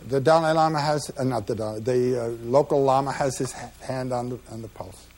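A man giving a measured, reflective lecture about slides, pausing often with "uh" between phrases. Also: medium pitch, steady tone, a little mellow. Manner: measured, reflective, with frequent pauses and "uh" fillers.

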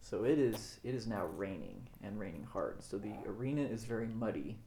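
A man's voice: fairly low pitch, expressive, fairly quick, mellow, a little hiss or hum. A man running a family tabletop game as game master, narrating playfully and often laughing.

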